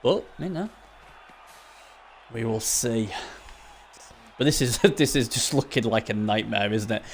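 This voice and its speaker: A man's voice: mid-range voice, unhurried, slight background noise. A man with a Hull accent commentating casually on a match, chatty, rambling and teasing. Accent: Hull, Yorkshire. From England.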